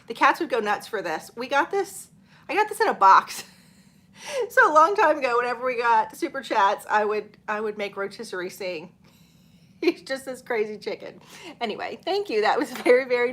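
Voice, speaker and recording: A woman's voice: fairly high pitch, animated, normal speed, a bit bright. A middle-aged woman, hosting a casual live stream, chatting and laughing as she reads viewer comments. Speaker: channel host.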